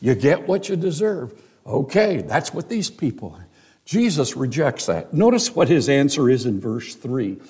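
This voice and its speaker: Animated, slow-preaching male pastor. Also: mid-range voice, husky. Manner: emphatic, rhetorical questions and dramatic pauses. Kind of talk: sermon.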